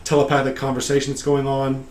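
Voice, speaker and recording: Male game master, podcast recap; casual, halting delivery, mid-range voice. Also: medium pitch, monotone. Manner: rambling storytelling with frequent pauses and fillers.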